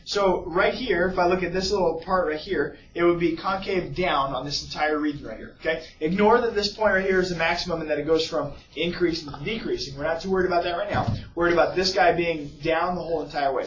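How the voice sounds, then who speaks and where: A man teaching a class in a casual, chatty way, his voice a little higher than most men's. He is recorded from across an echoing room on a dull, muffled recording. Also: fairly bright tone, recorded from a distance, slight background noise. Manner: casual, keeps checking in with "okay?" and "right?". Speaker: math teacher. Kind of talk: classroom lecture.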